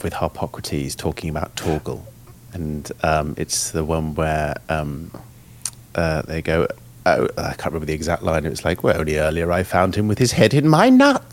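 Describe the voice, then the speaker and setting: A man's voice: very deep voice, level tone, moderate pace, gravelly. A man, a guest on a casual podcast, chatting with enthusiasm and many fillers. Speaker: guest voice actor.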